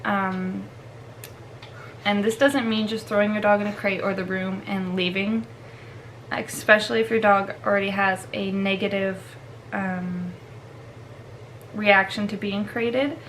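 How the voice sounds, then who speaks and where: Brief: casual woman vlogger, mid pitch, chatty, faint background hiss. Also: steady tone, a little slow, a bit bright, low-quality recording. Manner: chatty, laughs often, filler-heavy. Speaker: dog trainer. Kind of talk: casual instructional vlog.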